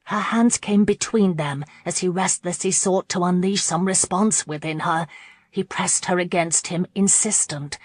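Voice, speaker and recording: Low-voiced woman reading a romance novel. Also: slightly rough, no echo. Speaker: audiobook narrator. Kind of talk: scripted narration.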